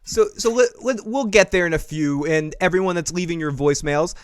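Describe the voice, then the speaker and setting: Smooth-voiced profane podcast host. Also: male voice, a little high, fairly quick, dry recording, studio quality. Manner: animated, profane, laughs often. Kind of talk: casual TV recap chat.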